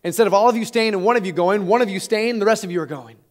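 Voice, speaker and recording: A man's voice: high-pitched, racing, pitched above the performer's own voice, natural voice. A man acting out a stern, powerful ruler who speaks harshly and gives orders, within a sermon. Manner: harsh, commanding. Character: stern powerful ruler testing his brothers.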